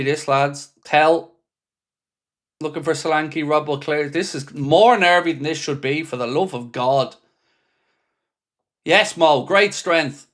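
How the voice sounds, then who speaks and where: A man's voice: on the high side, fairly bright tone. A man hosts a live football watchalong and commentates as the match unfolds. He sounds openly exasperated and swears without holding back. Between calls of the play, he reads out and replies to messages from his viewers. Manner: frustrated, exasperated, swears freely. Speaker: fan channel host.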